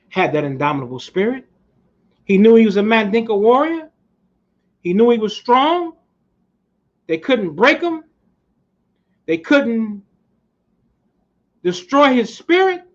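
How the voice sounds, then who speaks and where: A man in a fiery, preaching motivational speech, with a high, ringing voice and a blunt, profane edge. The recording is dull and lo-fi, with little top end. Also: sing-song, slow pace, pauses often. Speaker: speaker at a community society. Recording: muffled lo-fi recording.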